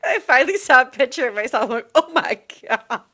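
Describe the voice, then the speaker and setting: A woman's voice: high voice, lively intonation, a little fast, pushed and bright. A young adult woman co-hosting a casual podcast, telling festival stories with acted-out quotes and frequent laughter. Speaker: podcast co-host. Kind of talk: casual festival recap chat.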